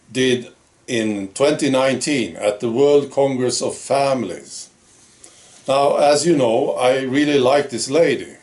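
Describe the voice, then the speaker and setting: A man's voice: medium pitch, a little mellow. A man hosting his own opinion vlog, talking in a blunt, sarcastic, plain-spoken way. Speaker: channel host.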